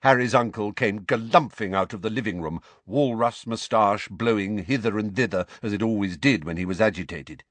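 A man narrating an audiobook in an expressive storytelling manner. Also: fairly low pitch, dry recording. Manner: expressive, lively. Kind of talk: scripted narration.

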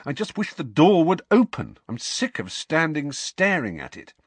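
A man voicing a frustrated, defensive teenage schoolboy in an audiobook, flat and irritable. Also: fairly high pitch, normal speed, husky, dry recording, voice pushed up, exaggerated voice. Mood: irritated. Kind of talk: audiobook character reading.

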